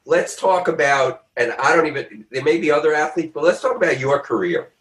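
A man hosting an interview, eager and enthusiastic, with halting restarts. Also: on the high side, big pitch swings, a bit bright, reverberant. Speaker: host.

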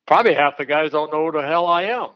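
A man, a former pitcher, telling blunt, folksy anecdotes in a casual chat, with an occasional chuckle. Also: quick pace, dry recording. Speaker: retired pitcher, guest storyteller. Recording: dull, lo-fi dry sound.

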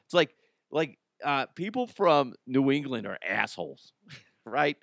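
Joking podcast host, dry close sound. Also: male voice, medium pitch, sing-song, moderate pace, creaky, fairly bright tone, no echo. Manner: joking, rambling, laughs at own jokes. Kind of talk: casual solo podcast monologue.

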